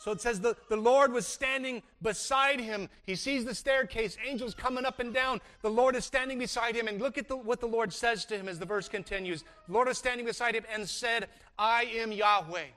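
Bright, high-voiced man preaching a sermon. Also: a little fast, hardly any pauses. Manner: emphatic preaching with frequent restarts. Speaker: pastor.

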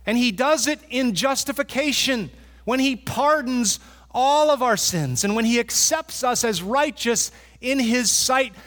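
Male pastor, high voice, earnest sermon delivery, long reverb from the sanctuary. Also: expressive, fairly bright tone. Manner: earnest, repeats for emphasis, with pauses and restarts.

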